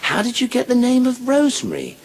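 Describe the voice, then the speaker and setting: A man's voice: very high-pitched, huge pitch swings, fairly quick, gravelly, pitched above the performer's own voice, full character voice. A man doing a vicar, prim, genteel, swooping voice.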